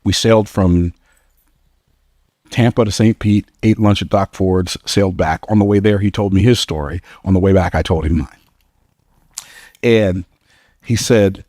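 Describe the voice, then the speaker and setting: A man's voice: on the low side, moderate pace, pauses often, darkish tone, dry recording, studio quality. A man giving a motivational speech to a live audience, telling stories in an emphatic, conversational way and laughing at his own lines. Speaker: motivational speaker.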